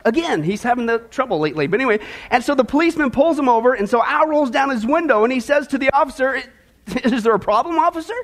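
Man, pastor, very high voice, folksy, energetic sermon, joking asides. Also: quick pace, hardly any pauses. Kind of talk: sermon with a joke opener.

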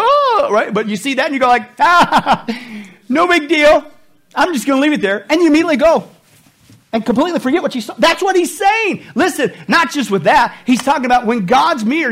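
A middle-aged male pastor preaching a sermon, animated, with laughing asides and mocking voices. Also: very high-pitched.

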